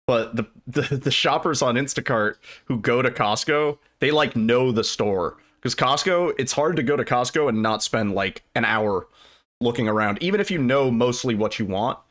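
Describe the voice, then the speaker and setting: A man's voice: mid-range voice, moderate pace. Guy streaming from home, just rambling to chat before his run, swears a bit, super chill. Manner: rambling, relaxed, casually profane, answers chat. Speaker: livestreamer and speedrunner. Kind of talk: casual livestream chat.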